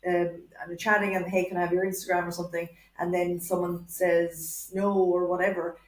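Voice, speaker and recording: A woman's voice: lowish voice, level tone. A woman hosting a podcast, chatting casually and encouraging her guest. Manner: quick, encouraging, laughs along. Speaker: podcast host. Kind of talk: casual chat. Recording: roomy room sound.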